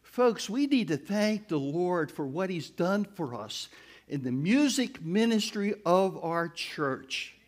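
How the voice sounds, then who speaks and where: An older man giving a storytelling testimony to a church congregation, animated and crying out as he retells events. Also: sits high, takes it slowly. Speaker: church speaker.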